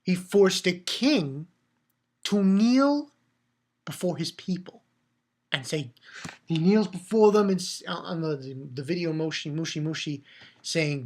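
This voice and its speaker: A man giving a casual solo review, rambling in an animated way, swearing often and restarting his sentences. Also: fairly high pitch, unhurried, pauses often. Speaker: manga reviewer.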